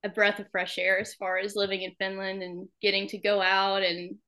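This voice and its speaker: Medium-pitched with little pitch movement and a sharp tone, her voice runs at a moderate pace. She is a young Alabama woman with a Southern accent, a hockey wife appearing as a podcast guest in a casual interview, laughing frequently.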